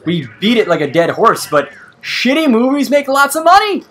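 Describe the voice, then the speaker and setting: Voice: mid-range voice, normal speed. A let's play host chatting casually and swearing freely while playing a game. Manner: profane, rambling, animated. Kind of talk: casual gaming chat.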